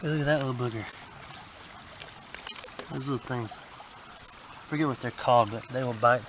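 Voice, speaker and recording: A man giving folksy, excitable commentary to a handheld camera as he metal detects in a creek, a bit out of breath. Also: medium pitch, normal speed. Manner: excitable, folksy, talks to camera while working. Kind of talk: casual running commentary while detecting. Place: outdoors in a creek. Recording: outdoor camera audio with clear background noise.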